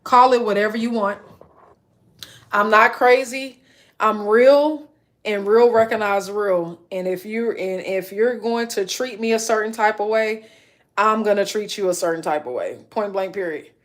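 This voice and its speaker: A woman's voice: medium pitch, unhurried. A woman in her late thirties talking straight to her live-stream audience, blunt and emphatic, stacking up repeated lists to drive home her point. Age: 30s. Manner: blunt, emphatic, repetitive listing. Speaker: livestreamer. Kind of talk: casual live-stream rant.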